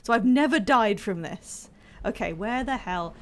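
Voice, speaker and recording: A woman streamer chatting casually and excitably while she plays, laughing at herself. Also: fairly high pitch, a little slow, slight background noise. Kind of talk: casual live-stream chat while gaming.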